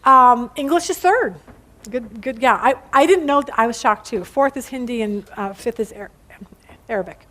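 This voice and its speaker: A woman's voice: a little high, expressive, normal speed, a bit bright. A middle-aged woman teaching a casual Bible study to a group, chatty and playful, acting out quotes in funny voices.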